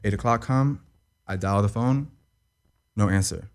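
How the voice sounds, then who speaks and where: As a guest in an interview, a young man with a slightly low voice and a little slow delivery shares a hard, emotional story from his life. He talks in loose, repetitive runs, swears freely, and keeps asking "you know what I mean."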